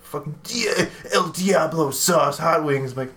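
A man's voice: fairly high pitch, slow, fairly bright tone. Crude, joking man describing beers. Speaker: podcast co-host. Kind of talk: casual beer-tasting chat.

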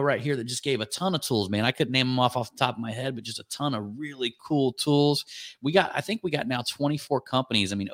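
A man hosting a casual chat, talking excitedly and rambling through long lists of names. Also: medium pitch, dry recording, studio quality. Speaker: podcast host.

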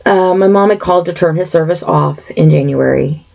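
Gravelly indignant woman telling her story. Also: lowish voice, a little fast, a little mellow. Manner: indignant, rambling with many fillers and asides. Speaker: vlogger telling a personal story. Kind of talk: casual storytelling monologue. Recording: slightly dull lo-fi sound.

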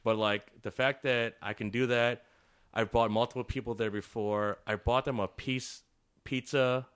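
A man's voice: medium pitch, unhurried, clean tone. A middle-aged man, a visual artist, telling a story in a casual interview, swearing often and laughing through his sentences. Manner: profane, laughing, animated storytelling.

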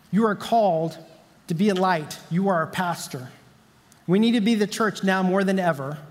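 A man's voice: high voice, long reverb tail. A male pastor preaching a sermon in a conversational, storytelling way, repeating key lines for emphasis.

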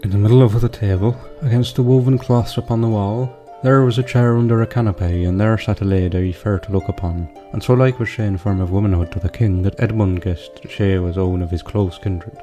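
A man with a fairly low voice recites an archaic passage in a slow, measured way. Guitar music plays clearly under his reading. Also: steady tone, warm tone. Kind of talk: reading an old text in period pronunciation.

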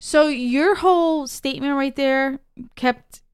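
A woman's voice: high-pitched, takes it slowly, no room sound, clean studio sound. A woman co-hosting a podcast in casual chat, blunt, teasing and profane. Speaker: podcast co-host. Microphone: studio microphone.

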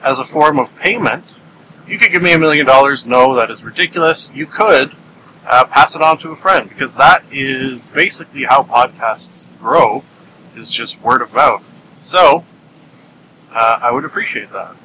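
A man's voice: medium pitch, moderate pace, pushed and bright, slight background noise, low-quality recording. A man hosts his podcast from a car while driving. He talks in a playful, rambling way, stretches words out for comic emphasis, and uses many fillers. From Ontario, Canada. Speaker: podcast host. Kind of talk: casual solo podcast monologue.

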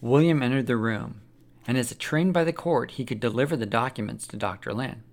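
Gravelly male story narrator. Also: medium pitch, brisk. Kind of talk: reading a religious story aloud.

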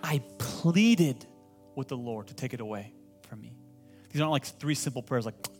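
A man preaching a sermon as pastor to a congregation, asking them to repeat phrases and building to loud, impassioned pleading. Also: mid-range voice, moderate pace, soft background music. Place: church hall with congregation.

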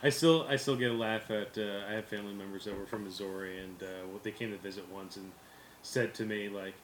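A man's voice: on the low side, fairly even intonation, a little fast. A man with a New Jersey accent, chatting casually as a podcast co-host, skeptical and chuckling. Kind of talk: casual chat. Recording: echoey room, faint background noise.

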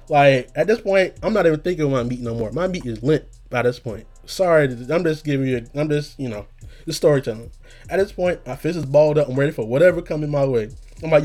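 A man's voice: fairly high pitch, expressive, fast talker, darkish tone. A young man casually telling a profane, laughing story and acting out his own lines.

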